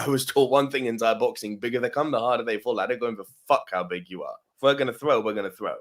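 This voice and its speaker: A man hosting a podcast, casually telling an animated story and acting out the back-and-forth of a confrontation. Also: mid-range voice, quick pace, few pauses. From Nigerian background. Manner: animated anecdote telling, acts out quoted exchanges. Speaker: podcast host.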